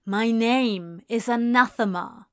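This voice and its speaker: A woman's voice: fairly high pitch, slow pace, fairly bright tone. Woman reading a frank young barmaid.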